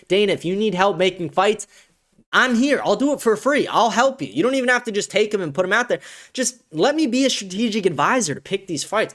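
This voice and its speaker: A man hosts a podcast in loose, casual chat with a fairly high-pitched voice. He is excitable and profane and laughs often as he answers viewer comments. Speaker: podcast host.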